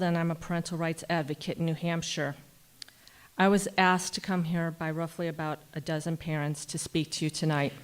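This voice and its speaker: A woman advocate reading a prepared public comment to a school board in a measured, pointed, formal way. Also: lowish voice, darkish tone. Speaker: parental rights advocate.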